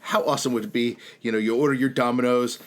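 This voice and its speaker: A man's voice: mid-range voice, steady tone, quick pace. A man co-hosting a podcast, chatting casually with lots of fillers. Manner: rambly, filler-heavy. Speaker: podcast co-host. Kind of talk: casual comedic chat.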